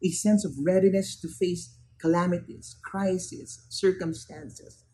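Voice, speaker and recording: A man's voice: fairly even intonation, slow pace, warm tone, rough recording. Emphatic man preaching. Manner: emphatic, builds to raised peaks then drops low. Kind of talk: sermon.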